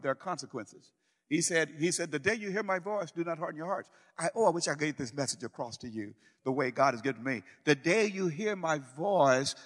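A man preaching a sermon, emphatic and repetitive, swinging from loud declarations to hushed pleading. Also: on the high side, long reverb tail.

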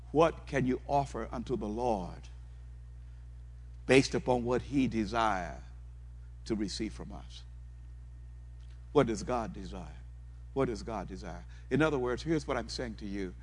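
Husky-voiced man preaching in a reverberant hall. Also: medium pitch. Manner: fervent, repetitive preaching that asks the congregation questions. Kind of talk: sermon.

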